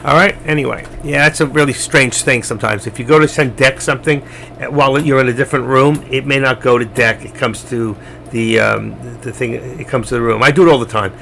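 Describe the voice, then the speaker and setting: Gravelly man rambling through live trades. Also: medium pitch, steady tone, fairly quick, bright, forceful tone, slight background noise. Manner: chatty, rambling, addresses chat viewers directly. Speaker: trading live stream host. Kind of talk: casual live trading commentary.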